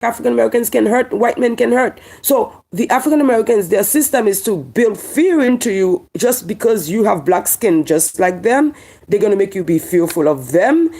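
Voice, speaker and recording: A woman's voice: mid-range voice, lively intonation, normal speed, mellow. A woman from Haiti with a Haitian accent, speaking to camera in a heated monologue. She talks emphatically, repeating lines and firing rhetorical questions. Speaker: online commentator.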